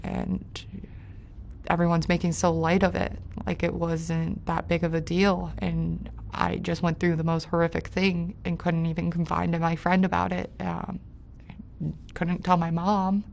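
A woman recounting a personal story in an interview, halting and hesitant with many fillers, her voice dropping quiet on painful parts and rising with anger. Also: lowish voice, flat delivery, vocal fry, a little hiss or hum. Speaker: interview guest.

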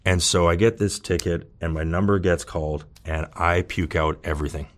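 A man openly telling his own recovery story, earnest and halting, with many restarts and "you know.". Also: low-pitched, fairly even intonation. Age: adult with children. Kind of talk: candid personal testimony.

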